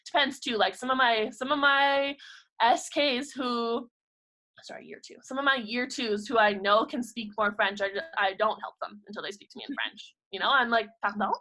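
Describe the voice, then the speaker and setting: A young woman with a bright, ringing voice talks fast in a relaxed group chat. She is a kindergarten teacher who slips into animated voices when quoting her students and herself. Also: on the high side, low-quality recording. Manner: animated, quick, acts out classroom quotes. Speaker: kindergarten French immersion teacher, host.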